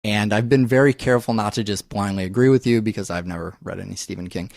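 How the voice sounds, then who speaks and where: Animated man swearing through a film chat. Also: lowish voice, fast talker, creaky, dry recording, clean studio sound. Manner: animated, swears freely, breathless. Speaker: podcast co-host. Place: studio.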